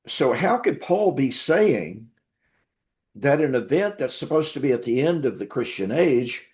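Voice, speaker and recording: A man's voice: mid-range voice, sing-song, a little slow, a little mellow. A man telling his story as an interview guest and Bible teacher, emphatic, repeating words for stress.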